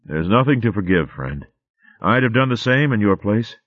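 A man voicing a calm, steady male warrior mouse in a storybook. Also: fairly low pitch, moderate pace, no echo, pitched above the performer's own voice. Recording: phone-like dry audio.

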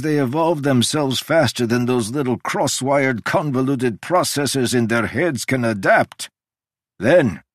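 A man voicing an ancient male god who lectures in a sweeping, emphatic way, with sudden jumps in pitch. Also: no echo, studio quality, lightly acted. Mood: lecturing. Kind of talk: audiobook character reading.

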